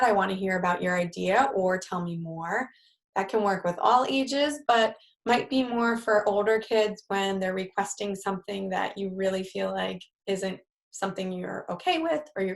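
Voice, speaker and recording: A woman's voice: mid-range voice, vocal fry. A woman with a New York accent leading a live-streamed parenting workshop, talking conversationally and acting out example phrases for parents to say to children. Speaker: parenting group leader.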